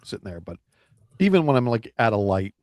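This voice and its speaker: Low-voiced man rambling casually. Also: very animated, darkish tone, no room sound, clean studio sound. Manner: rambling, halting restarts. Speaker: podcast co-host. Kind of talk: casual chat.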